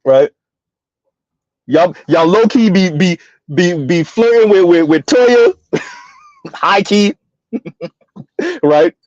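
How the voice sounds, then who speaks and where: A man's voice: high voice, expressive, takes it slowly, pauses often, darkish tone, dry recording. A man hosting a casual livestream, chatting with viewers, laughing often and stumbling over repeated words. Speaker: livestream host. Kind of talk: casual livestream commentary reading chat. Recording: dull lo-fi dry sound.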